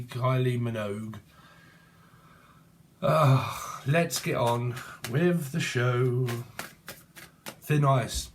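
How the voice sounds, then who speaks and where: Over a little hiss or hum, a man with a medium-pitched voice gives a rambling, casual tarot reading. He free-associates, swears freely, and breaks into snatches of song.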